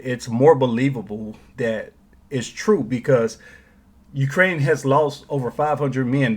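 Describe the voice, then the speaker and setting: A man hosting a political commentary show, talking in an opinionated, sarcastic way and mocking others in put-on quotes. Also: mid-range voice.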